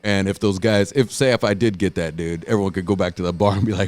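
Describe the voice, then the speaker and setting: A man hosting a podcast, telling a wild story in casual, profane chat and acting out the people in it. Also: fairly quick. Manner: profane, animated, acts out quotes in a loud high voice. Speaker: podcast host.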